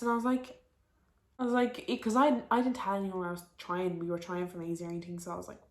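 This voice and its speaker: Young Dublin woman vlogger, early twenties, rambling storyteller, mid-pitched, echoey room. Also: fast talker. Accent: Dublin Irish. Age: early 20s. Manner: chatty and rambling, with frequent "um" and "like". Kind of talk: casual storytelling to camera. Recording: roomy echo.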